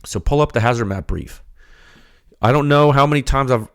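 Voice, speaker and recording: A man hosting a technical podcast, talking in an animated, ranting way with rapid rhetorical questions before settling into explaining data. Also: medium pitch, clean tone. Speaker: podcast host.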